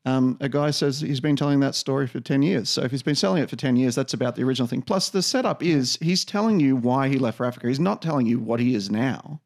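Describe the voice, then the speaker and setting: Man, casual podcast chat, gravelly voice, rambling with restarts. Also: medium pitch, fast talker, few pauses. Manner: rambling, many restarts and fillers. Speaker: podcast co-host. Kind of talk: casual conversation.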